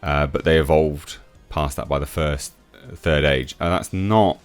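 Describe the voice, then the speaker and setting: Speaking slowly in a smooth bass voice, an English YouTube reviewer mocks an article he's reading out, laughing at it and restarting many times. Soft music plays in the background.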